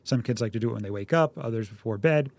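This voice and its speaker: A middle-aged man co-hosting a parenting show, his voice pitched midway for a man and recorded close and dry. He talks through practical tips casually and slips into animated voices when he plays out parent-and-child exchanges. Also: fast, creaky, no room sound. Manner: acts out parent dialogue in animated quoted voices. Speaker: podcast co-host, doctor. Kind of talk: casual parenting advice chat.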